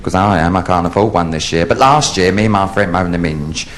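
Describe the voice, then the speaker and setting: A man in drag, telling bawdy stand-up jokes on a theatre stage with brash, lively delivery. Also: low-pitched, a little fast. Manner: brash, lively storytelling with sudden loud outbursts. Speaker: drag comedian. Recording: live theatre audience, faint hiss.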